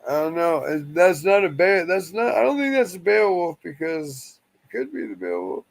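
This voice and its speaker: Gravelly, profane man chatting. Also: fairly high pitch, very animated, moderate pace, rough recording. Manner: profane, rambling and blunt. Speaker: guest. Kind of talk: casual stream chat.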